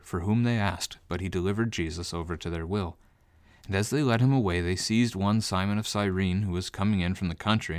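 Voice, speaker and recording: A man reading scripture aloud in a measured, even way. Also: fairly low pitch, no room sound, clean studio sound. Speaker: scripture reader.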